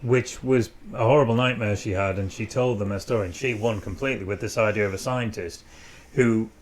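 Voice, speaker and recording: A man talking casually with friends on a podcast. He goes off on lively tangents about films and stories, often restarting his sentences and pausing to find the right word. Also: lowish voice. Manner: animated, tells stories with pauses and restarts. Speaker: podcast co-host. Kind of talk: casual chat.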